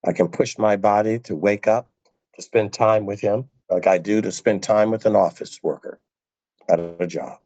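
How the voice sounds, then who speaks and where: A man's voice: on the low side, steady tone, moderate pace, a little mellow, dry recording, lo-fi sound. A male preacher giving a sermon, emphatic and repeating phrases for stress.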